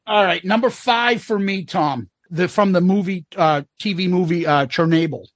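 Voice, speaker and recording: A man's voice: high-pitched, normal speed, no room sound, clean studio sound. A man co-hosting a casual podcast, rambling and profane as he retells scenes. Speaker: podcast co-host. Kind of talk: casual chat.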